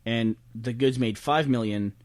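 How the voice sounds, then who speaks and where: A man co-hosting a podcast, chatting casually and telling animated stories about movies and box office numbers. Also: mid-range voice, unhurried. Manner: animated storyteller, breaks down numbers. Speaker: podcast host. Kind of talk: casual chat.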